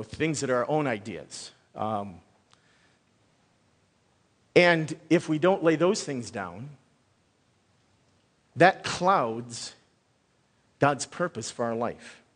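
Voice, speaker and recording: A man's voice: medium pitch, slow, long pauses. A man preaching a Sunday sermon as pastor, talking in a loose, conversational way with many restarts. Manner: conversational, animated, thinks out loud with restarts. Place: church sanctuary. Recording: long reverb of a large hall.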